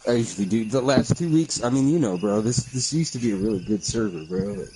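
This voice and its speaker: A man's voice: fairly low pitch, lively intonation, fast, mellow, slight background noise, rough recording. A man streaming a game, telling a heated story in casual chat full of swearing.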